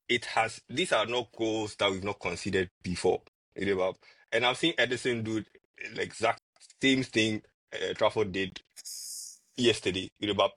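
A man talks football casually as a podcast co-host. His voice sits low and sounds husky. He gets animated and repeats words when he argues, and the sound is dry. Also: no echo.

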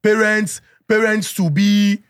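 A man's voice: high-pitched, fairly even intonation, takes it slowly, clean tone. A Nigerian man hosting a casual podcast, wrapping up in English mixed with pidgin. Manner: mixes pidgin into wrap-up remarks. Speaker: podcast host.

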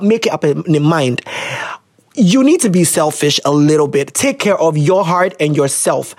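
Lively young podcast host. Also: mid-range voice, dry recording, clean studio sound. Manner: animated, laughing, swearing, switching into local phrases. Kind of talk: casual chat reading listener letters.

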